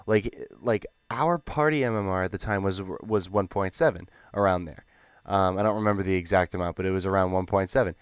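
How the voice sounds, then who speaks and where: A young man telling a gaming story in a rambling, animated, profane way. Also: sits low, brisk, smooth, no echo, studio quality. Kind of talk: casual storytelling.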